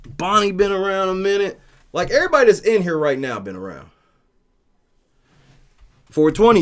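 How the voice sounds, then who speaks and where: Guy in his 30s running a livestream, cussing a lot, voice bouncing all over, a bit high. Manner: profane, animated storytelling with shouted quotes. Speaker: livestream host reading chat. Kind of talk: casual livestream chat.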